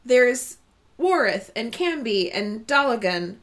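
A woman's voice: on the high side, very animated, slow. A woman reading out a lovestruck, anxious young woman from a novel, in a breathless, questioning way. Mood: yearning.

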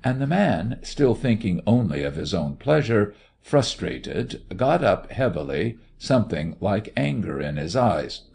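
A man narrating a story in a measured, expressive reading voice. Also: fairly low pitch, vocal fry, husky. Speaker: audiobook narrator.

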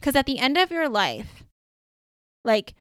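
A woman podcast host and coach telling a story in a casual, chatty way, full of "like"s and lively retelling. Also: high-pitched, a little slow, clear, resonant tone, dry recording, clean studio sound.

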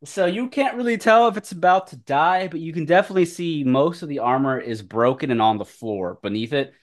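A man's voice: fairly high pitch, brisk. Rowdy game master man. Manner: swearing, laughing, loud outbursts. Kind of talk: narrating a tabletop game.

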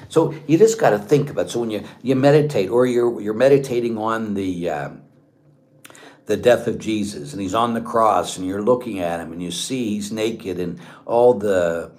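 A man, a Catholic priest, giving an informal spiritual talk in an earnest, conversational way, often sinking to a hushed voice. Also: fairly low pitch, moderate pace. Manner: earnest and conversational, dropping to a hushed tone in reflective passages.

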